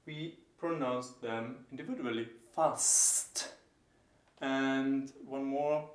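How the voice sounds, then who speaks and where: A man teaching German pronunciation, explaining each sound and slowly repeating example words. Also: medium pitch, reverberant. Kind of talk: pronunciation lesson.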